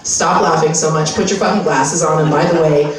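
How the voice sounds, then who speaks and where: A woman's voice: low voice, fairly even intonation, a little fast, voice pushed down, natural voice. A crude, bossy skincare saleswoman pushing creams and serums, as a woman comic puts her on. She talks in a blunt, salesy way. The voice echoes through a large room, heard from afar over a rowdy crowd. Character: pushy female skincare advertiser, blunt and crude. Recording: echoey room recorded from far off, crowd noise.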